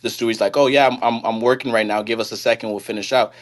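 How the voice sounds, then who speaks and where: A man's voice: mid-range voice, steady tone, fast talker. A man calling in to a live stream, speaking earnestly with many restarts and retelling a story in quoted dialogue. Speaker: caller. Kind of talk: casual call-in chat.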